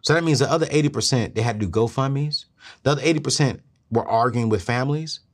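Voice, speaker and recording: A middle-aged man talks straight to his listeners with earnest, preachy urgency. His voice sits at an ordinary middle pitch and climbs higher when he hammers a point home. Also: quick pace. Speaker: show host giving money advice. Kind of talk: motivational talk to camera.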